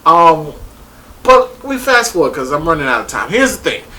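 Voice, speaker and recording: Animated, excitable man ranting a review. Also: a little high, normal speed. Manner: rambling, excitable, swears freely. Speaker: show reviewer. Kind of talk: casual review vlog.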